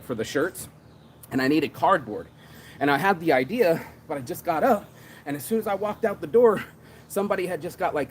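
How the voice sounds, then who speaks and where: A man's voice: on the high side, a little hiss or hum. A man giving a casual motivational monologue about business, slangy and swearing often, hyping himself up. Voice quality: slangy street talk, says bro a lot. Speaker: entrepreneur and shirt designer.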